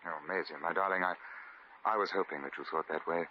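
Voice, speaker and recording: A man's voice: sits low, steady tone, fast talker, bright, forceful tone, slight background noise. An actor playing a genteel, lovestruck English lord in a 1950s radio drama, fussy and stammering as he dotes on his sweetheart. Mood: doting. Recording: dull old radio recording.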